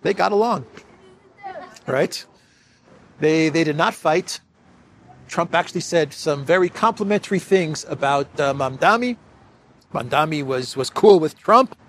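Sarcastic guy host rambling about the news, laughs a lot, slightly high voice. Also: unhurried, pauses often, fairly bright tone. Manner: sarcastic, laughs often, restarts phrases. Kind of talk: casual commentary monologue.

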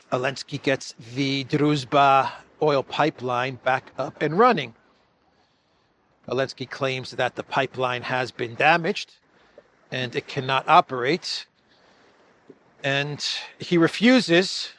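A man's voice: a little high, fairly bright tone. A man giving political news commentary in a mocking tone, laughing at the people he covers.

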